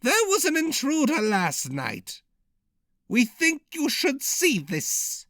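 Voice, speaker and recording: A man's voice: wildly swooping pitch, slow pace, a bit bright, no room sound, exaggerated voice. A man voicing a rotund, bald male seneschal with a whiny, cracked voice that always seems close to tears. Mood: anxious. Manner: high, pleading servant voice.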